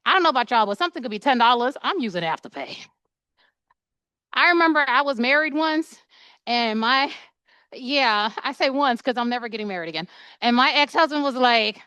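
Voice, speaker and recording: A woman's voice: fairly high pitch, expressive, moderate pace, pushed and bright, clean tone, no room sound. A woman esthetician in her thirties giving a chatty, playful live waxing demonstration, acting out quoted dialogue as she works.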